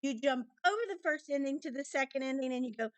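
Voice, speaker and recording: A woman's voice: high voice, quick pace, no room sound. A woman teaching a recorded music lesson to children, patiently explaining rhythms and counting them aloud.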